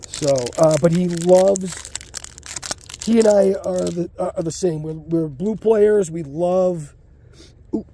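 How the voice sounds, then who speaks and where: A man's voice: a little high, mellow, slight background noise. A sick man talking casually and a bit crudely as he opens card packs at home, breathing hard and short of breath. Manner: rambling, crude, muttering under his breath. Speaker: card-opening channel host. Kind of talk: casual pack-opening commentary. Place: home basement room.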